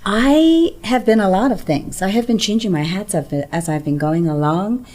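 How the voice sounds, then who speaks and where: A middle-aged woman from Zambia, a yoga teacher introducing herself as a studio guest in a warm, earnest way. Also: mid-range voice, lively intonation, moderate pace. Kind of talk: casual self-introduction.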